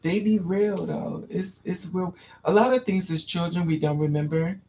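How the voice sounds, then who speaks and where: A man chatting casually, telling childhood stories in an animated way and acting out the voices of people he quotes. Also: sits high, moderate pace, creaky, a little hiss or hum. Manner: animated storyteller, squeals and acts out quotes. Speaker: podcast host. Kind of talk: casual chat.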